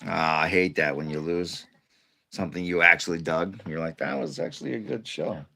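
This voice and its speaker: A man with a fairly low voice hosts an evening live stream from home. He chats casually, greets viewers by name and drifts between topics. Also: moderate pace, creaky, pushed and bright. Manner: chatty, greets viewers by name, rambling asides.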